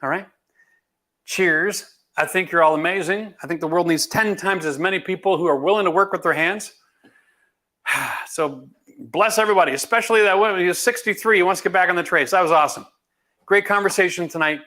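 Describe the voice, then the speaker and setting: A man's voice: sits high, a little fast, sharp tone. A middle-aged man from Canada, a home renovation host answering viewer questions in a blunt, emphatic, folksy way. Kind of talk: live Q&A chat.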